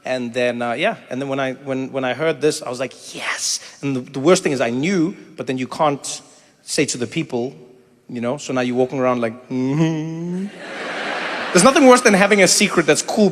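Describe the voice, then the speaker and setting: A man in his forties from South Africa doing stand-up and crowd work, animated and acting out little voices as he talks, laughing along with the room. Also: medium pitch, fast, in a large hall. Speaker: comedian. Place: comedy venue with a live audience.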